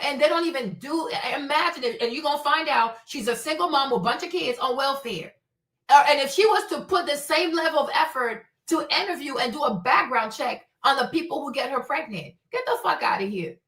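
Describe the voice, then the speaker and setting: A woman with a high, sharp voice delivers a fierce, profane livestream rant. She hammers her points with heavy emphasis. The sound is roomy and echoey, as if the mic sits some way off. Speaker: livestream host. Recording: echoey room, distant mic.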